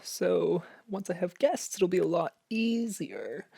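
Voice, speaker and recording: A man's voice: high-pitched, sing-song, takes it slowly, gravelly, mellow, slightly rough, no echo, clean studio sound. A young man hosting a casual solo music review podcast. He sounds a little nervous and out of breath, chatty, with many fillers and restarts. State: slightly out of breath. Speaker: podcast host.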